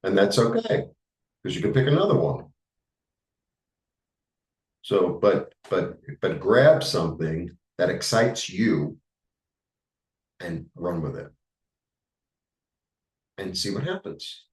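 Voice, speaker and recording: A man with a New York accent giving a rambling, halting tarot reading, full of fillers. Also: sits low, big pitch swings, a little mellow, roomy sound, distant mic, rough recording. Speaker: tarot reader. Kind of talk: casual spiritual monologue.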